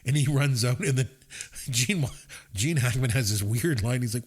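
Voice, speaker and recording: A man's voice: medium pitch, normal speed, husky. A man co-hosting a podcast, rambling casually through a movie review and laughing as he retells scenes. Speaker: podcast co-host.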